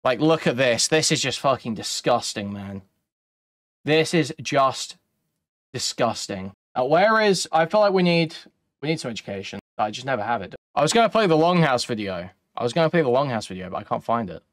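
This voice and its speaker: A man's voice: medium pitch, very animated, a little fast, dry recording, studio quality. A man giving casual reaction commentary in a blunt, mocking way, with a lot of swearing.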